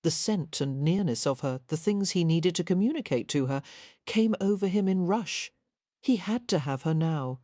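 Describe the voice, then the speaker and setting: An audiobook narrator with a low, mellow voice reads a historical romance in soft, measured, scripted storytelling. Her intonation is lively, and the recording is dry and close with no room sound.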